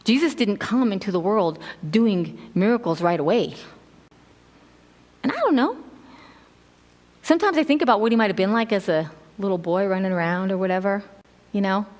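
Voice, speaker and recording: A middle-aged woman preaching a casual sermon in a church sanctuary. Her voice sits at an ordinary middle pitch and carries a long hall reverb. She tells stories with lively energy, jumping into voices for the people she quotes. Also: moderate pace, long pauses. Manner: animated storytelling, acts out quotes with laughs.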